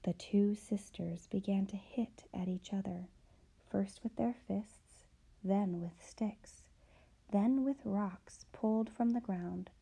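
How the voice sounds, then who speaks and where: Storybook role: woman voicing a boastful male storyteller, animated. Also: medium pitch, normal speed. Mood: hushed. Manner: dramatic, animated telling. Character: boastful male storyteller recounting his scare.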